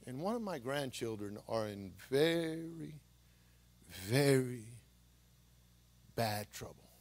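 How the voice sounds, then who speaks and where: An older man preaching a live sermon in a church, swinging from hushed, emotional storytelling to impassioned shouting. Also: mid-range voice, big pitch swings, takes it slowly. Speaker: pastor. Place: church sanctuary with congregation.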